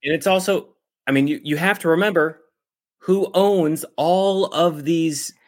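Slightly high-voiced sarcastic co-host man. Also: unhurried. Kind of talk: casual political chat.

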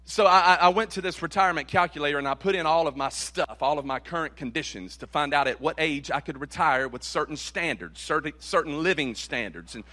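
Emphatic preacher with a high, bright voice. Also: male voice, fairly quick, hardly any pauses. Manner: dramatic, repeats key phrases, swings from loud to hushed. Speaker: pastor. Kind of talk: sermon.

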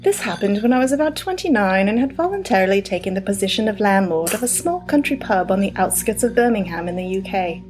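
A woman puts on a gentle English accent to read a first-person pub story. The accent stays light and a little unsure of itself. Her voice sits in an ordinary middle range. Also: medium pitch, expressive, quick pace, few pauses, faint music behind, lightly acted. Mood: storytelling. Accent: put-on English. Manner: self-conscious, light accent.

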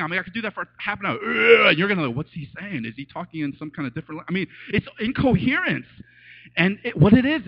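A man preaching a casual, animated sermon as a pastor, telling stories and acting out voices with laughs. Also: high voice. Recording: dull lo-fi sound.

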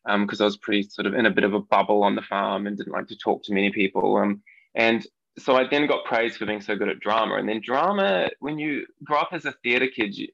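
NZ man, 30s, podcast guest, gravelly and chatty, lo-fi remote audio. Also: fairly low pitch, a little fast, fairly bright tone, no room sound. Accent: New Zealand. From New Zealand. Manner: chatty and giggly, with many ums. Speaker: podcast guest, nail artist. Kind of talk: casual interview chat. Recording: dull, lo-fi dry remote audio.

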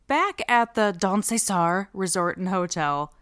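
A woman's voice: medium pitch, lively intonation, unhurried, a bit bright, smooth. A woman host recapping a reality show in a casual, crude, joking way. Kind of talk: comedic TV recap.

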